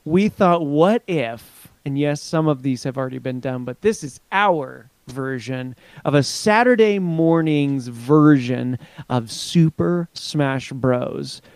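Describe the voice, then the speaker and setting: A man's voice: mid-range voice, slow pace, hardly any pauses, darkish tone, smooth, no echo. A man co-hosting a casual podcast, talking in a playful, teasing way with his co-host.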